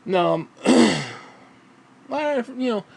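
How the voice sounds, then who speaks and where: A man ranting casually at home, profane and rambling, often clearing his throat and short of breath. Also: extremely high pitch, animated, slow pace, darkish tone. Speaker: vlogger.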